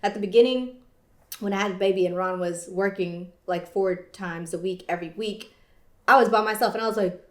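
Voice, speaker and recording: Joking woman, middle pitch, laughs a lot, echoey room. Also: brisk. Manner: playful, joking, laughs often. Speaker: podcast co-host, wife. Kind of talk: casual chat.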